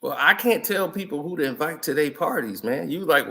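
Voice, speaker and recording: A man with a high, bright voice talks loosely over old photos. He chuckles often and tells stories in easy slang, like casual vlog commentary. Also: animated, brisk. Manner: chatty, laughs often, loose slangy storytelling. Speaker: vlogger.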